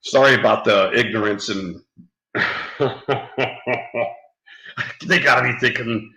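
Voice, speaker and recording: A man's voice: fairly low pitch, slow pace, vocal fry, bright, forceful tone, reverberant, poor audio. A man chatting casually on a live stream, rambling, laughing often and swearing freely.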